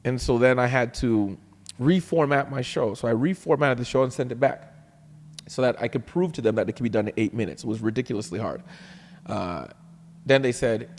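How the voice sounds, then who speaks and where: Animated man telling a story. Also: mid-range voice, brisk, long reverb tail, a little hiss or hum. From Canada. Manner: animated, acts out quoted voices, laughs often. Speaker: comedian guest. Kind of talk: storytelling anecdote.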